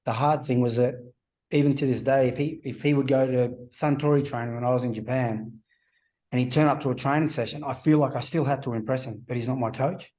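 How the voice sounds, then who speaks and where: A relaxed man in his forties talks through old stories on a podcast, his tone warm and dark. He slips into other people's voices as he quotes them, in an easy, unhurried conversational way. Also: medium pitch. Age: 40s. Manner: anecdotal storytelling, acts out quoted voices. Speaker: podcast guest, former rugby player. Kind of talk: casual podcast interview.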